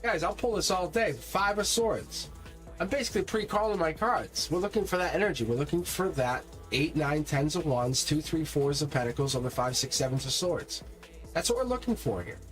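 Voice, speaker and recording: Energetic guy doing a tarot live stream, straight-talking, music playing soft behind him. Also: a little high, normal speed. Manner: energetic, emphatic, talks straight to viewers. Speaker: tarot reader. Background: faint music.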